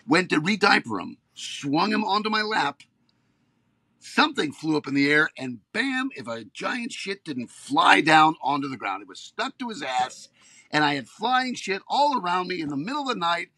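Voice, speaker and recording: A man's voice: a little high, moderate pace, no echo. A man in his fifties, an actor and podcast guest, telling stories in casual chat and getting worked up as he goes. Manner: animated storyteller, gets worked up.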